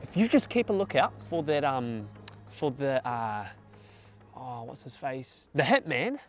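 A man's voice: medium pitch, sing-song, a little slow. An actor playing an awkward hitman who rambles, hesitates and loses his words. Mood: shifty. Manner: hesitant, rambling, lots of ums and trailing off.

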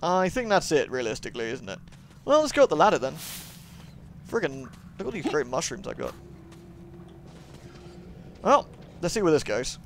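A man's voice: fairly high pitch, very animated, moderate pace, creaky, long pauses, slight background noise. A young man giving casual, jokey let's-play commentary, swearing and chatting to the game character. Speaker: gaming YouTuber.

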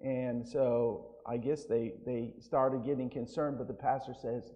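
A man's voice: medium pitch, unhurried, a little mellow, muffled recording. A man preaching an evangelistic sermon as pastor, telling stories and often checking in with "right?". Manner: storytelling with frequent "right?" asides. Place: church sanctuary. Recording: long hall reverb.

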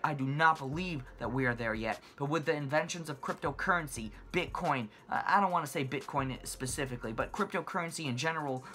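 A finance channel host delivers an impassioned money rant straight to camera on his own channel, repeating phrases for emphasis. His voice is on the high side, with a sharp tone.

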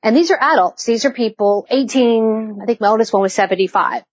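A woman's voice: on the high side, a little fast, dry recording, highs cut off. A woman hosting an interview, telling stories and acting out the people she quotes. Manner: animated storyteller, acts out quoted dialogue. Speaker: podcast host. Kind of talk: casual interview chat.

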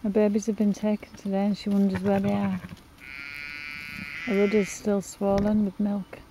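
A woman records herself outdoors on a farm, her handheld camera picking up faint hiss and bleating sheep. She speaks at an ordinary middle pitch in an upset, apologetic way, now and then calling out to a mother sheep. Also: level tone, normal speed, dark tone. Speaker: animal sanctuary owner. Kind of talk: emotional outdoor vlog.

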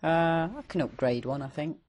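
A man's voice: on the high side, fairly even intonation, moderate pace, darkish tone, faint music behind. A man hosting a co-op gaming video, joking through casual, playful banter while he plays. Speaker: host.

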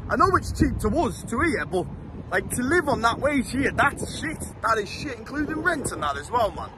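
A man in his 20s from England vlogs his travels while walking city streets, chatting bluntly and jokingly and swearing freely. His voice is very high, and the background is noisy.

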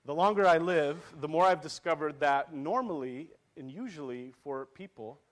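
A pastor in his thirties delivers a sermon in a slightly high voice. He tells a family story with laughter and acted quotes, then reads scripture to his congregation. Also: expressive, moderate pace.

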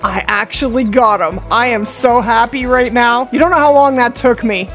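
A young woman hosting a gaming channel, chatting excitedly through her gameplay and dropping to a hush while she stalks prey. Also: a little high, moderate pace, faint music behind. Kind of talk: live gameplay commentary.

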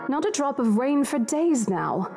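An actress voicing a polite estate agent in a game who apologizes anxiously and tries to smooth things over. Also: female voice, sits high, big pitch swings, a little slow, music in the background, heavily acted. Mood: apologetic. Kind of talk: game voice acting.

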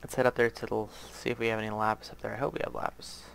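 A man's voice: fairly low pitch, little pitch movement, racing, vocal fry, slight background noise. A man with a light Southern US accent hosting casual gameplay commentary, rambling and thinking aloud, often muttering to himself. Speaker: gaming channel host.

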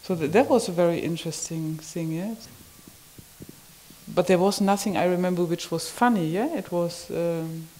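A woman recalling a personal experience in conversation, halting and marvelling, often ending phrases with a questioning "yeah?". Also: on the low side, warm tone, poor audio. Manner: wondering, marvelling delivery. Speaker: community member sharing an experience.

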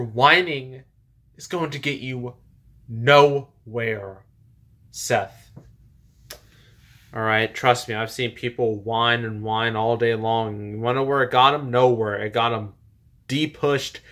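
A man's voice: medium pitch, fairly even intonation, slow pace, a bit bright. Mocking, blunt male wrestler, played by a man, fan parody, mid voice. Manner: mocking, lecturing put-downs.

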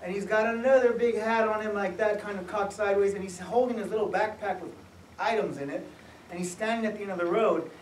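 Speaking quickly in a high voice with fairly even intonation, an author tells his story at a public talk in a museum event space, laughing and acting out its characters. The recording picks him up from a distance in an echoey room, with slight background noise.

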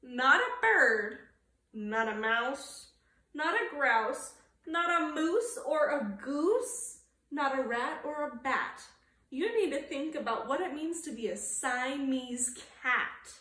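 A woman's voice: sits high, animated, takes it slowly, pushed and bright, reverberant, exaggerated voice. A woman voicing a stern mother cat who lectures and scolds her kitten. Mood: scolding.

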